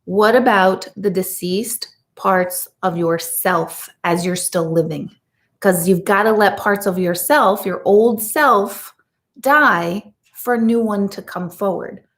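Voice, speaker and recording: Animated, emphatic woman medium. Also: medium pitch, takes it slowly. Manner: animated, emphatic, chatty with fillers. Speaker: intuitive medium. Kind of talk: casual live-stream talk to viewers.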